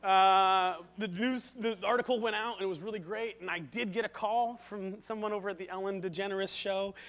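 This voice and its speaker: High-voiced man preaching with self-deprecating humor. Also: brisk. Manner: self-deprecating, animated storyteller. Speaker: pastor. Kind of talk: sermon with humorous storytelling.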